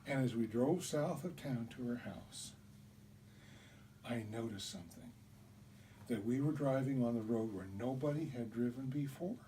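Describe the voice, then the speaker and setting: A man telling a childhood story in an animated way, acting out the voices, recorded on a distant mic with faint hiss. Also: mid-range voice, normal speed. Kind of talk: told personal story.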